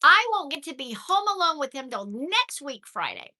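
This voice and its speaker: An older woman talks casually to her viewers, chatty and animated. Her voice sits high and swoops in a lively way, with a very bright tone. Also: moderate pace. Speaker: vlogger reading live chat.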